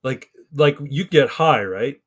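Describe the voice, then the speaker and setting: A man in his thirties talks on a casual podcast, rambling and swearing freely as he tells a story. His voice sits in an ordinary middle pitch, and he slips into the voices of the people he quotes. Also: lively intonation, slow pace, a bit bright, slightly rough. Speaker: podcast co-host.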